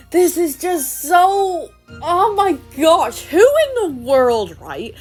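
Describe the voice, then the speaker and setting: Brief: exasperated young woman streamer, slow-paced, very high voice, faint music underneath. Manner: emotional, exasperated, laughs often. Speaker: game streamer. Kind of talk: reacting to a story game.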